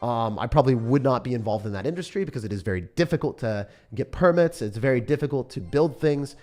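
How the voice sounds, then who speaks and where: A man's voice: medium pitch, animated, fast talker, a little mellow, faint music behind. A young man chatting casually on a livestream, commenting on his game and answering questions from chat in a self-deprecating way. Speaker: streamer.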